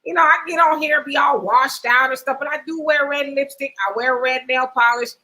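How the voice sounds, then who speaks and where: A woman's voice: high voice, steady tone, fairly quick, pushed and bright, rough recording. A middle-aged woman hosting a casual live chat show, reading viewer comments aloud and laughing often. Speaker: host.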